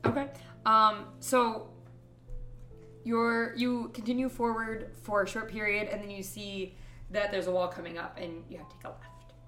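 A woman's voice: medium pitch, flat delivery, normal speed, pushed and bright, reverberant, faint music behind. Woman casually running a tabletop game. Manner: casual, filler-laden narration with frequent "um" and "like". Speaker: game master.

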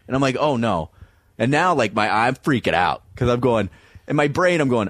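A man's voice: mid-range voice, normal speed, dry recording. A man, a comedian guest, telling a wild story in an interview and acting out the other people in it. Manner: animated, acts out voices in stories.

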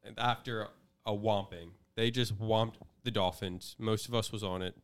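A man's voice: fairly low pitch, fairly even intonation, moderate pace, clear, resonant tone. A man hosting a casual sports betting podcast, loose and chatty as he runs through the week's games. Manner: loose, chatty, laughs easily. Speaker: podcast host leading the picks.

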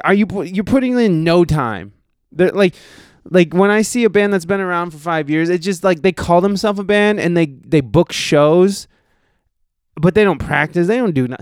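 Ranting guy with a smooth voice. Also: mid-range voice, dry recording, clean studio sound. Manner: profane, ranting, full of "like" and restarts. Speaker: podcast host and touring musician. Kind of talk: casual rambling podcast monologue.

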